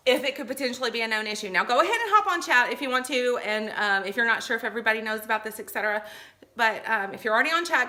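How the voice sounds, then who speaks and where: Bright, chatty woman vlogger. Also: on the high side. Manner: chatty, reassuring, full of fillers and asides. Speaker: vlogger giving shopper tips. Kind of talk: casual instructional vlog.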